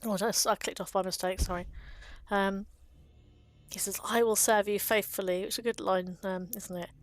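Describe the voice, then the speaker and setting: A woman's voice: mid-range voice, fairly even intonation, moderate pace. A woman hosting a video about card game art, talking casually and fondly with frequent ums and little laughs. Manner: chatty and fond, with frequent ums and small laughs.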